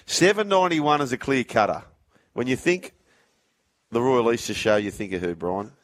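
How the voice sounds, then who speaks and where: A man's voice: mid-range voice, animated, normal speed, fairly bright tone. A man hosting a sports radio show, chatting casually and reading out listener messages. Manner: chatty, reads out listener messages and phone numbers. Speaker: radio host.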